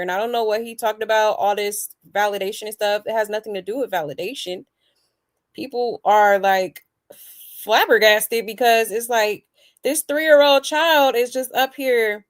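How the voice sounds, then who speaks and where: Chatty woman hosting a gossip show. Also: mid-range voice. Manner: chatty, lots of "like" and "you know". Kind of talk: casual commentary on a clip.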